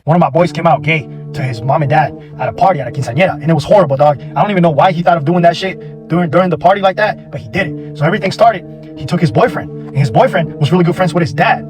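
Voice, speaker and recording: A young man telling a story casually, animated, slangy and profane. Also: on the high side, fast talker, music in the background.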